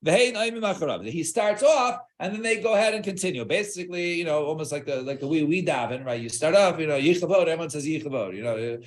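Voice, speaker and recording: A man leading a Talmud study class, restarting often, checking with "right?", and mixing Hebrew and Aramaic terms into English. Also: a little high. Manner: halting, many restarts and fillers, checks with "right?".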